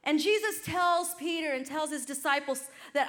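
Woman preacher, energetic exhortative sermon, high voice, bright and forceful. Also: moderate pace. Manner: energetic, exhortative, rising to shouts.

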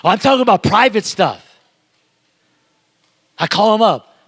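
High-voiced man preaching in an echoing hall. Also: expressive, measured pace, pauses often, fairly bright tone, breathy edge. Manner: emphatic, talks straight to the congregation. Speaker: guest preacher. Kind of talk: sermon. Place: church sanctuary. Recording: long reverb of a large hall.

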